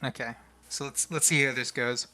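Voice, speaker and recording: Bright-voiced man streaming a text game. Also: medium pitch, normal speed, soft background music. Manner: animated, swears, reads game text then reacts. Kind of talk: reading a text adventure game aloud with commentary.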